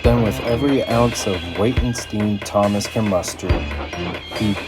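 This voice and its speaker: A man narrating a storybook in an animated way, performing all the voices himself. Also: fairly low pitch, a little slow. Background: music.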